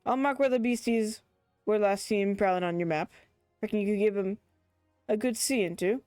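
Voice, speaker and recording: A woman's voice: mid-range voice, normal speed, a little mellow, smooth, no echo, studio quality, soft background music, lightly acted. A woman reading as a folksy crewman. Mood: matter-of-fact.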